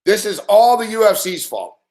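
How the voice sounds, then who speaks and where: A man hosting a sports betting show, telling a late-night story in a profane, rambling, animated way. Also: sits high, moderate pace, reverberant.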